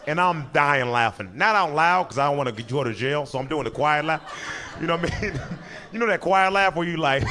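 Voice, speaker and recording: A young man on a comedy stage, spinning a story with a wildly swinging pitch. He laughs at his own jokes as he goes. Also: lively intonation, normal speed, noisy background. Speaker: stand-up comedian. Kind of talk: stand-up storytelling.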